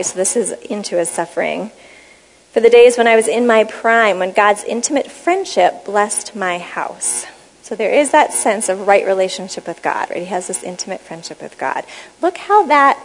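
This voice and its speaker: A woman giving a teaching talk, explaining Bible words and reading passages aloud in a measured, explanatory way. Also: mid-range voice, long reverb tail, low-quality recording. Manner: measured, explanatory, reads scripture aloud slowly. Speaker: speaker on Bible study.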